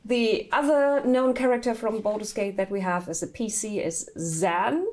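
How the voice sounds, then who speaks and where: A woman narrating a tabletop game as dungeon master, her voice at a middle pitch. She talks in a lively way and laughs often as she sets the scene. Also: moderate pace.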